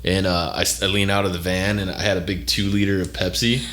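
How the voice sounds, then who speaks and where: A man's voice: low voice, level tone, fast talker, a bit bright, a little hiss or hum. A man co-hosting a podcast in casual chat, swearing often and laughing through his stories. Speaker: podcast co-host.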